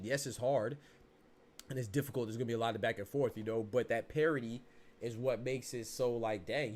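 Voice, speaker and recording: A podcast host with a mid-range voice gives casual, animated, rambling commentary. He keeps circling back to "you know what I'm saying."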